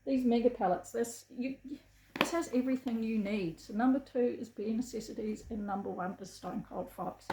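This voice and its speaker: A woman's voice: medium pitch, fairly even intonation, moderate pace, a little mellow, slight background noise. Gushing middle-aged New Zealand woman, roomy. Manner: chatty, gushing and enthusiastic. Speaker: beauty vlogger. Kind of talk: casual chat to camera. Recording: echoey room.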